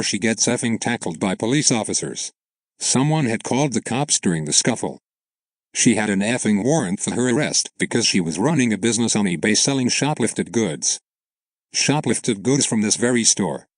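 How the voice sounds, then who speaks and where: A man's voice: on the low side, no room sound. A man narrating an online story aloud in a plain, matter-of-fact way.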